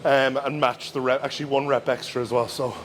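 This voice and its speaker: Male bodybuilder, casual vlog coaching, mid-range voice, relaxed and instructive, faint gym hum behind. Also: mid-range voice, a little fast. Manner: relaxed, instructive, talks through gym cues with fillers. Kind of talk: casual training vlog commentary.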